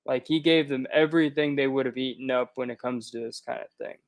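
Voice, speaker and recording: A man's voice: medium pitch, fairly even intonation, fairly quick, dry recording. A man in a casual livestream conversation, speaking heatedly and indignantly, often repeating himself. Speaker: guest co-host.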